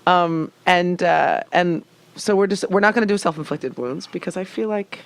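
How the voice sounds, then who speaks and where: Gravelly woman host of a chat. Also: lowish voice, normal speed, no echo. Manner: brief encouraging interjections. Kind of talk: casual interview chat.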